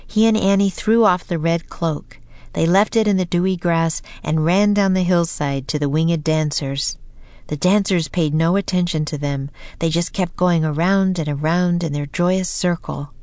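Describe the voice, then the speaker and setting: A woman narrating a children's storybook in a gentle, even way. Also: on the low side, normal speed, dry recording. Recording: dry close recording, faint music.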